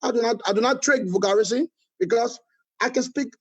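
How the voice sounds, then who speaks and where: A man's voice: very high voice, a little fast, husky, muffled recording. A middle-aged man with a Liberian accent, answering interview questions with emphatic political criticism, hammering points by repeating them. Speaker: political movement leader, guest.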